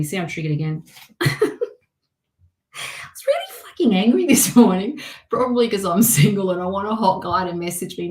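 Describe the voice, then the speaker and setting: A woman's voice: on the low side, darkish tone, reverberant, low-quality recording. A woman doing a casual tarot reading, talking candidly to viewers by name, with frequent laughs and swearing. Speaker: tarot reader.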